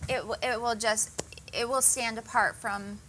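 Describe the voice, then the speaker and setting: A woman's voice: fairly high pitch, steady tone, measured pace, sharp tone, slight background noise. A woman co-presenting a conference breakout session, encouraging and emphatic with the audience.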